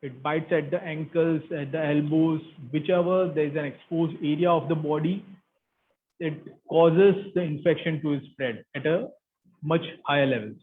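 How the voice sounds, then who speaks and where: A man's voice: a little high, normal speed. A man with an Indian English accent giving an academic lecture as guest speaker, explaining steadily with frequent fillers. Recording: tinny phone-like line.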